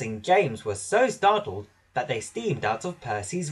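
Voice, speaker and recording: A man narrating a children's storybook in a lively, animated way. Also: medium pitch, a little slow, hardly any pauses, husky.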